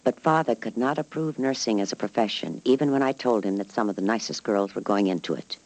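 A man with a lowish voice reads a memoir aloud as narrator. His delivery is measured and even, in a scripted storytelling style. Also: rough recording.

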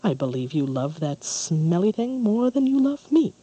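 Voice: mid-range voice, sing-song, normal speed, dark tone, breathy edge, highs cut off. A narrator voicing a haughty vain prince. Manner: haughty, scornful.

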